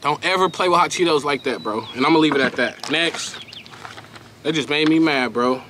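A man's voice: fairly high pitch, normal speed, noisy background. A young man doing a casual snack unboxing review, slangy and emphatic, often repeating himself.

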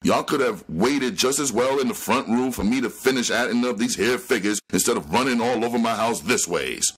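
A man voicing a sharp, husky, sinister elderly woman in a read-aloud crime novel. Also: mid-range voice, brisk, pitched above the performer's own voice. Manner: sharp, harsh. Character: harsh sinister elderly woman running a numbers route.

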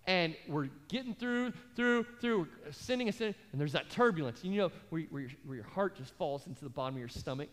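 A pastor preaching a sermon, telling a comic story with acted-out voices before turning calm and earnest. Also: male voice, a little high, fast, hardly any pauses. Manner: animated storyteller, acts out voices, later calm and earnest in prayer. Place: large church auditorium. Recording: live church hall reverb with faint music.

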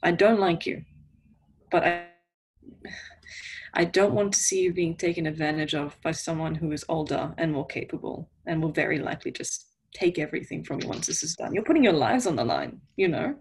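A woman playing an earnest young female street kid who talks in a halting way. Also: low-pitched, animated.

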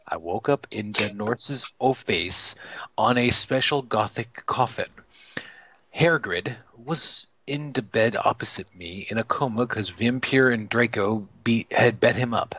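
A man's voice: medium pitch, measured pace, a bit bright, breathy edge, dry recording, highs cut off. Swearing man reading a fanfic aloud. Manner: exasperated, stumbling over words, swearing. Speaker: reader. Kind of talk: comedic dramatic reading of a fanfic.

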